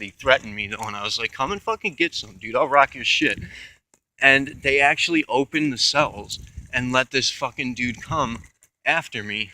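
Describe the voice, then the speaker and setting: Bright-voiced man telling a rambling story. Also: medium pitch, low-quality recording. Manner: profane, rambling, with restarts and asides. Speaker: channel host.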